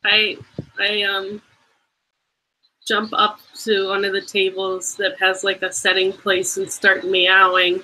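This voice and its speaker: A woman's voice: medium pitch, monotone, takes it slowly, bright, forceful tone, poor audio. A woman playing a tabletop role-playing game, speaking in a hesitant, playful way. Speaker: player.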